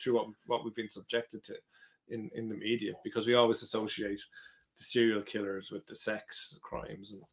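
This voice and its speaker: A man's voice: lowish voice, level tone, breathy edge. Guy on a podcast mic, chatty, laughs a lot, trips over his words. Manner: laughs often, halting restarts, trails off. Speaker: podcast co-host. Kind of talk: casual podcast chat.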